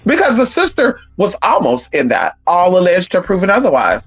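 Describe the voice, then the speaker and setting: A woman's voice: lowish voice, huge pitch swings, moderate pace, slightly rough, faint music behind, poor audio. A woman hosting a casual livestream, talking bluntly with profanity and emphatic repetition. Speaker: livestream host.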